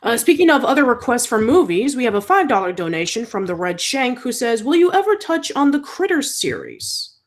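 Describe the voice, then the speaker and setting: A woman's voice: a little high, big pitch swings, brisk, hardly any pauses. A woman co-hosting a live show, casually reading out viewer questions with slight stumbles. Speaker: co-host reading viewer comments. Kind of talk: casual live-stream chat.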